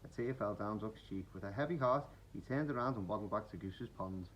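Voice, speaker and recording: A man reading a children's picture book aloud in an expressive bedtime-story manner. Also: fairly low pitch, brisk, slight background noise, poor audio. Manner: animated, expressive.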